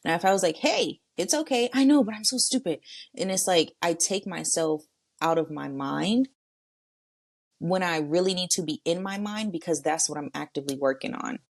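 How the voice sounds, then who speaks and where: A woman's voice: sits low, gravelly, no echo. A woman hosting a podcast, talking casually and directly to her listeners in a solo monologue. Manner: chatty, talks straight to listeners. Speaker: podcast host.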